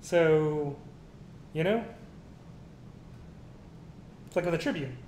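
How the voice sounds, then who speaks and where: A man with a somewhat high voice ranting through a casual news commentary, swearing freely as he reads items aloud. The room is echoey. A faint rumble runs behind him. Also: slow, a little mellow. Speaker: co-host.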